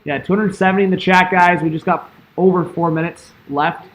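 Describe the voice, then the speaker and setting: A man's voice: high-pitched, steady tone, brisk, dull audio. A young man doing casual live-stream hockey commentary, chatting loosely and answering his viewers. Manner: chatty, reads and answers chat, lots of "like" and "man".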